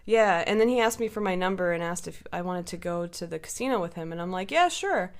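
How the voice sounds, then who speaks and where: A woman in casual podcast chat, telling a story in an animated, profane way and acting out what others said. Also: on the low side, fast talker. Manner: animated, profane storytelling with lively quoted voices.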